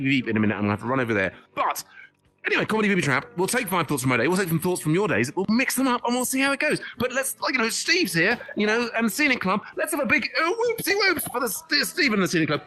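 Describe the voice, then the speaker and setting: Excitable fast-talking comedian man. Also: sits high, faint music behind. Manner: excitable, self-mocking, chatty. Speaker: comedian hosting a comedy night. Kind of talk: rambling improvised stand-up. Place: virtual reality social space. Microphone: VR headset mic.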